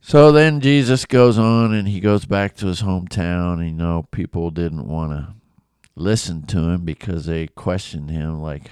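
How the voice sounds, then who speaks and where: In an unhurried, low-pitched voice that's a little mellow and smooth, a Bible teacher chats through a lesson, acting out the characters' voices. It's a dry recording with clean studio sound.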